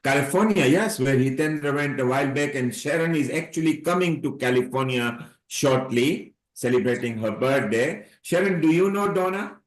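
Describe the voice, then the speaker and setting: A man's voice: mid-range voice, lively intonation, moderate pace, hardly any pauses. Guy hosting an online meetup, rambly, kinda echoey room. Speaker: host. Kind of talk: casual online chat.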